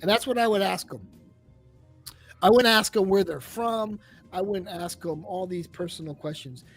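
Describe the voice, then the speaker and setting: A man's voice: sits high, moderate pace, faint music behind. A man hosting a livestream in casual chat, rambling and swearing as he tells stories. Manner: profane, rambling, animated storytelling. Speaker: livestream host.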